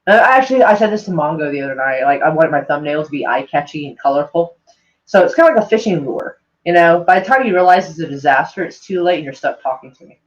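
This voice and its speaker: A woman's voice: low-pitched, animated, fast. A woman streamer chatting casually with her viewers in a rambling, self-mocking way, swearing freely. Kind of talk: casual livestream chat. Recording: dull lo-fi sound.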